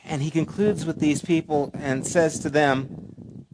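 A man preaching a sermon, dropping to a soft hush and then rising to emphatic, storytelling moments. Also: fairly high pitch, fairly even intonation, unhurried. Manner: preacherly, swinging from hushed to emphatic. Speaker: pastor.

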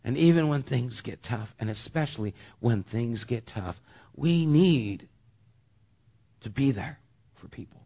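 A middle-aged male pastor preaching with earnest conviction. His voice sits at an ordinary pitch, but he swings between loud, emphatic lines and soft, hushed ones that fall almost to a whisper. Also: expressive, measured pace, vocal fry. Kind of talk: sermon.

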